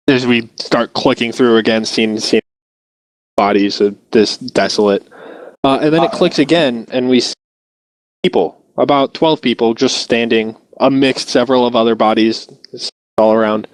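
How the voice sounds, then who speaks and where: A man running a tabletop game as game master, describing each scene like a film shot with loose, halting restarts. His voice sits at a middle pitch, recorded dry and close with no room sound. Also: steady tone, no echo, low-quality recording.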